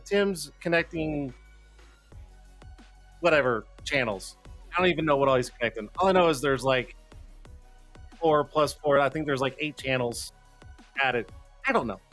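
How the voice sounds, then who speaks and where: A man's voice: fairly high pitch, unhurried, long pauses, fairly bright tone. A man hosting a casual live stream, talking loosely and swearing freely, a little out of breath. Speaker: livestream show host. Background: faint background music.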